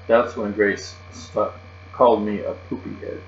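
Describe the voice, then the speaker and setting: A man reading a children's chapter book aloud, expressive and lively in a child's first-person voice. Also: lowish voice, a little slow, gravelly. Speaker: reader. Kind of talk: storybook read-aloud. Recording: muffled, roomy recording with mains hum.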